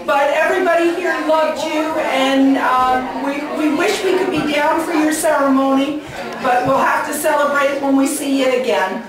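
A high-voiced woman, emotional and holding back tears as she tells someone how loved he is. She sounds distant in a very echoey hall, with a crowd behind. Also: steady tone, moderate pace. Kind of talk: heartfelt recorded message. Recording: echoey hall, mic far off, crowd noise.

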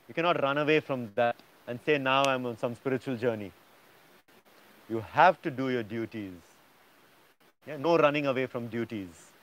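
A man's voice: mid-range voice, lo-fi sound. A man teaching a yoga class, lecturing students emphatically and often checking in with "yeah?".

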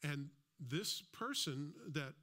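A man's voice: on the high side, expressive, slow, pushed and bright. A man preaching a sermon as a pastor, in a conversational style with asides and acted-out quotes. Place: church.

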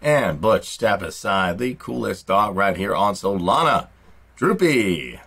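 A man's voice: low voice, lively intonation, measured pace, fairly bright tone, husky. A man hosting a crypto channel, delivering upbeat, salesy promotional narration.

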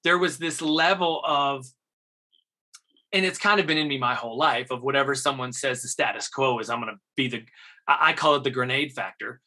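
A man, an actor, telling a lively anecdote in an interview, often breaking into laughter. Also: mid-range voice, a little fast. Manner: animated, laughing anecdote-teller. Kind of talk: conversational storytelling.

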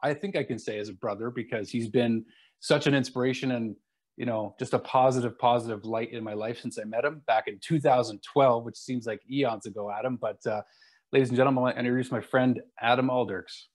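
A man hosting his own show, introducing a guest and asking questions in a relaxed, friendly way with lots of fillers. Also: medium pitch, brisk. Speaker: show host. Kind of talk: casual interview.

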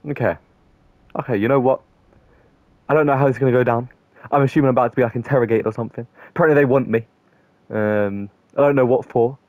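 A man's voice: mid-range voice, fairly even intonation, fast, long pauses, a little mellow, no room sound. A man giving jokey, chatty commentary over a game playthrough. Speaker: gaming streamer.

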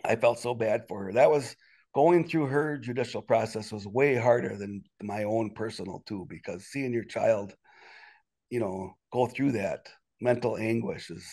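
A man telling a personal story as an interview guest in a casual, rambling way, with sudden indignant rises in his voice. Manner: animated, quick jumps in pitch when indignant; rambling with many restarts and "you know".

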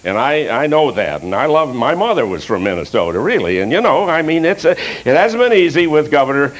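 A man doing live political satire on stage. He speaks wryly, halting and restarting his sentences, with piano music behind him. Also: fairly high pitch, big pitch swings, poor audio. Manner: wry, halting delivery with restarts. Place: stage before a live audience.

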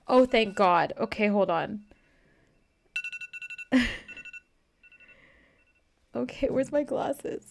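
A young woman streaming a game, talking in a rambling, flustered way and swearing freely as she plays. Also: sits high. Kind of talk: live-streamed game commentary.

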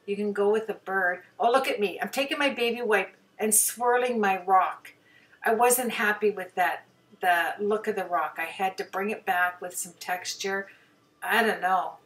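A hobby painter gives a casual voice-over about her own painting, chatty and rambling, full of "you know"s and self-deprecating jokes. Her voice is middle-range, a bit bright, and moderately paced, and she sits somewhat far from the mic so she sounds slightly removed.

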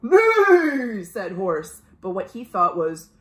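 Children's librarian woman at home, slow, lively storytime read-aloud, roomy sound. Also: mid-range voice. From United States. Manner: animated storytime voice, gasps and asks questions. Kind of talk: reading a picture book aloud to children.

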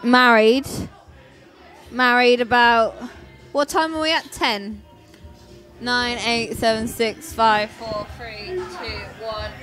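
A woman with a slightly high voice speaks slowly as a maid of honour, teasing and gushing into a camera. Faint music plays at the reception behind her. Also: animated, fairly bright tone. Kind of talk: casual chat to a wedding video booth.

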